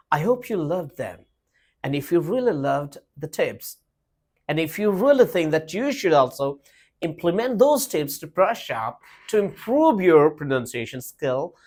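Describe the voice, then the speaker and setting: A man's voice: a little high, darkish tone. A man teaching an online pronunciation lesson, emphatic, repeating key words and chuckling often. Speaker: English teacher.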